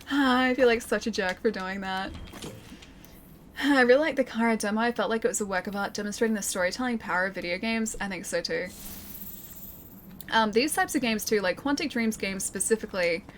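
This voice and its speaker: Streaming a game, this young Australian woman speaks in a medium-pitched, slightly bright voice, with some faint background noise. She reads her chat out loud and responds, keeping things casual, chatty, and full of giggles.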